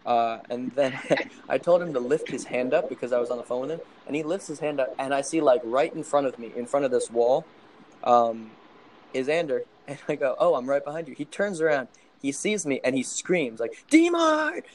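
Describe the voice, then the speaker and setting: A man's voice: medium pitch, fairly quick, darkish tone, slight background noise, rough recording. Laughing young man telling a story. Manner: rambling, laughs while telling, many fillers. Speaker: podcast guest. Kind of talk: casual storytelling.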